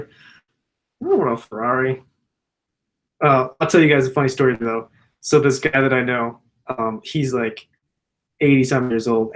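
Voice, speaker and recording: A man, a general surgeon, answering viewer questions in a loose, profane, casual way. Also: mid-range voice. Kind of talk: casual Q&A chat.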